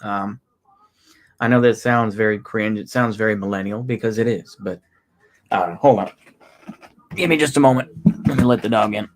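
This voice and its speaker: A man's voice: on the low side, a little hiss or hum. Rambling Texan man chatting on a livestream. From Texas. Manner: rambling, halting, with many restarts and fillers. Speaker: livestreamer answering chat. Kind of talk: casual livestream chat.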